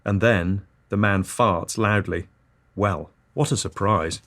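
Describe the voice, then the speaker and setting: Deadpan comedy podcaster. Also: male voice, fairly low pitch, takes it slowly. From Britain. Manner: dry, matter-of-fact delivery of nonsense. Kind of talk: absurdist scripted comedy monologue.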